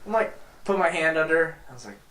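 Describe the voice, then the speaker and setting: A man's voice: a little high, expressive, fast talker, sharp tone, slight background noise. A young man, a podcast guest, telling a rambling, profane story in casual chat and laughing easily. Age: young adult. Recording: roomy echo.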